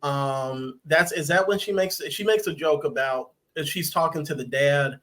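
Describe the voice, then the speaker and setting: A man hosts a casual review podcast in a slightly higher voice. He rambles as he recaps scenes and acts out the characters' lines. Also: moderate pace, a crowd in the background. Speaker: podcast host.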